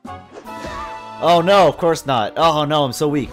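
A man giving excitable, jokey commentary while playing a video game, often yelping and exclaiming. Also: fairly high pitch, unhurried, pauses often, faint music behind. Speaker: let's play host. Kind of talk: gameplay commentary.

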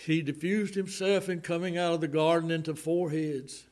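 A man with a Southern American accent preaching a sermon in a church, swinging from loud outbursts to hushed, slowed lines. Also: on the high side, steady tone. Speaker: pastor. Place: church sanctuary.

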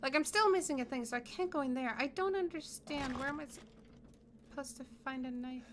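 A woman's voice: sits high, brisk, fairly bright tone, slight background noise. A young woman doing horror game commentary, scared and swearing as she talks herself through it. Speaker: gaming streamer.

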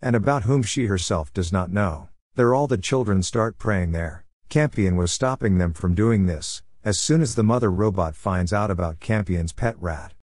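A man narrating a plot recap in a steady, even voice with simple phrasing. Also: lowish voice, dry recording, studio quality.

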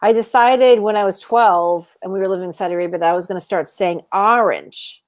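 Woman, podcast guest. Animated storyteller who mimics voices. Dry, close sound. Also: medium pitch, quick pace, no room sound. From Iraq. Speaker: guest author. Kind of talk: casual podcast chat.

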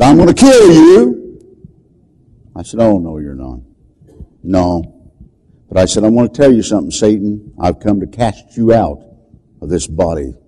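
An older man preaching, telling a story dramatically and shouting the commands he quotes. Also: low voice, poor audio. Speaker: deliverance preacher. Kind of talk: storytelling sermon.

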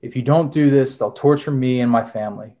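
A man's voice: medium pitch, fairly quick, dark tone, lightly acted. A man reading the lines of a wounded male spy who is gasping and begging, in an audiobook-style reading. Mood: pleading. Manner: plain reading voice, barely acted.

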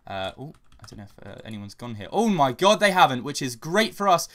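A young man giving casual, chatty commentary over a video game he is playing, getting loud and swearing when under attack. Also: mid-range voice, sing-song, a little fast. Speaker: gaming channel host.

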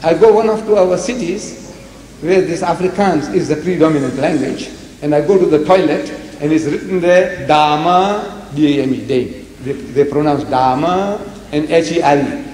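A man's voice: a little high, normal speed, mellow. A man from Africa, giving a public lecture to a live audience with rhetorical questions and acted-out dialogue. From South Africa. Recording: echoey hall with long reverb, faint noise.

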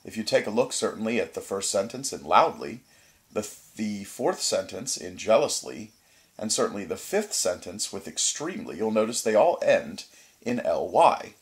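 A man's voice: fairly low pitch, sing-song, normal speed. A man teaching a recorded grammar lesson, patiently explaining step by step, asking questions and answering them, with frequent fillers like "certainly" and "uh".

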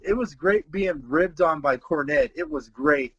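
A man guesting on a chat show, talking excitedly, tripping over and repeating words, and laughing. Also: fairly high pitch, a little slow, husky, dry recording, low-quality recording. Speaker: podcast host, guest. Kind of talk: casual chat.

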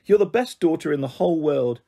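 A man reading the part of an excitable, affectionate young mother with an effusive, tender manner. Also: a little high, brisk. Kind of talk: audiobook character voice.

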